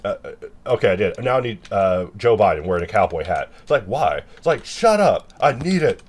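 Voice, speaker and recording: A man chatting casually and rambling while he works, self-mocking, sometimes bursting into loud mock-angry lines. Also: low voice, animated, fairly quick.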